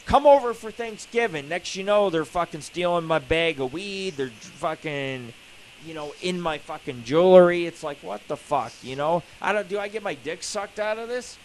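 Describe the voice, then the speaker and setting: A man hosts a live internet radio show in a rambling, foul-mouthed comic rant. His voice sits a little high for a man. A faint hiss runs under the recording. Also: expressive, moderate pace, poor audio. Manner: profane, rambling, joking.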